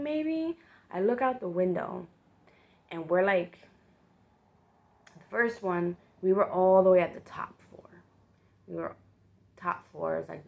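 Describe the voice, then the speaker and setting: Woman, storytime, casual, swearing, gravelly, lower voice. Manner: casual, swears freely, many fillers. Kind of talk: casual storytime retelling a dream.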